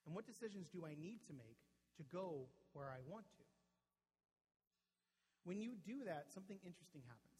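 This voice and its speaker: A man's voice: a little high, in a large hall, rough recording. A man preaching a sermon to a church audience in a casual, conversational way, often asking "right?" and restarting words. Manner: conversational, frequent tag "right?", repeats words when restarting. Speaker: pastor. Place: church hall with a live audience.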